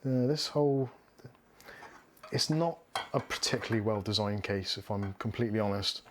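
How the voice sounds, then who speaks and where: A man's voice: fairly low pitch, normal speed, background noise. A man, hosting a casual livestream while building a computer. He talks frankly, in a chatty way, and laughs often. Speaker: streamer building a PC.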